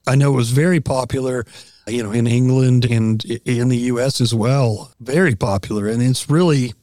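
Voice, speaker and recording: A man's voice: mid-range voice, moderate pace, dark tone, dry recording, studio quality. Male podcast guest, hedging with fillers. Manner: hedging, filler-heavy explaining. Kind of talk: casual conversation.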